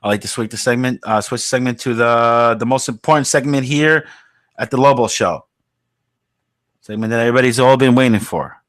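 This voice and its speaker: A man's voice: medium pitch, a little fast, no room sound. A man hosting a podcast, ranting in a heated, profane and outraged way. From United States. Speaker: podcast host.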